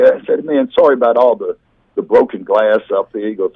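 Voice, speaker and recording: A comedian guest on a video call, telling rambling, self-deprecating stories in casual chat. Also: male voice, mid-range voice, fairly quick, gravelly, slightly rough, dry recording, muffled recording.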